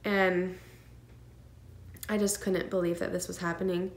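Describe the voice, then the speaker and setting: A woman's voice: lowish voice, flat delivery, a little slow. A woman vlogging about her pregnancy, telling a personal story in an earnest, emotional way with lots of fillers and nervous laughs. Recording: echoey room.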